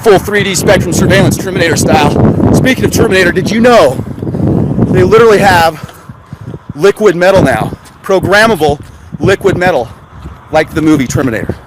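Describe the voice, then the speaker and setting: A man talks to his live chat from a car, voice pitched high. He rambles and fires off sarcastic rhetorical questions. Wind and traffic noise run loud under him. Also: a little fast, pauses often. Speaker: conspiracy vlogger. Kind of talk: casual livestream chat while driving.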